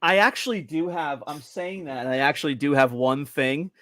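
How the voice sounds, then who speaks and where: A man's voice: a little high, a bit bright, dry recording, clean studio sound. A man co-hosting a livestreamed toy-collecting podcast, chatting casually and restarting his sentences. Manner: chatty, halting with restarts and laughs. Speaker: podcast co-host.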